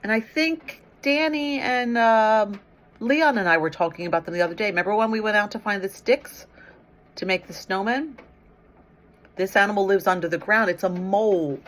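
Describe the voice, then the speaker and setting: A woman's voice: medium pitch, moderate pace. A middle-aged woman teacher reading a picture book aloud to young children, coaxing them with questions and praising their answers. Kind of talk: read-aloud storytime with questions.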